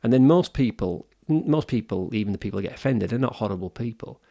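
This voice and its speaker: A man's voice: on the low side, animated, fast talker, vocal fry, warm tone. A man, co-hosting a wellbeing podcast, talking earnestly with lots of restarts. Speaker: podcast co-host. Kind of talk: casual podcast discussion.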